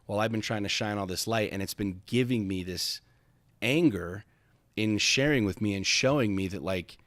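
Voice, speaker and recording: A man with a low voice speaks on a podcast, recorded dry and close with no room sound. He tells a personal story with intensity and emphasis, swearing freely and often stumbling over repeated starts. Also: normal speed, fairly bright tone, no room sound. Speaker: podcast host.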